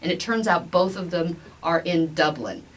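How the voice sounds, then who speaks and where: A woman's voice: fairly low pitch, moderate pace, rough recording. A woman, a medical doctor, talking casually as a podcast guest, with lots of fillers and restarts. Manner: chatty, many fillers and restarts.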